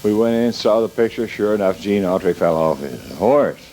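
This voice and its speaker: A man's voice: fairly low pitch, expressive, mellow, a little hiss or hum, poor audio. A man telling comic stories on stage, stumbling and restarting his words as he goes. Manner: halting, stammering restarts. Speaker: comedian. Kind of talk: stand-up storytelling.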